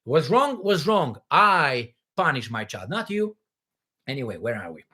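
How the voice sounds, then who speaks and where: A man hosting a livestream Q&A answers questions in a rambling, emphatic monologue laced with profanity. His medium-pitched voice is sing-song and unhurried, bright and forceful with a slight roughness.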